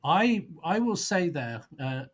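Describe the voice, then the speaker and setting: Man, higher-pitched voice, rambling, word-searching, blunt and scornful, podcast guest. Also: very animated, slow pace. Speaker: guest prosecutor on a film podcast. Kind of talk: casual podcast debate.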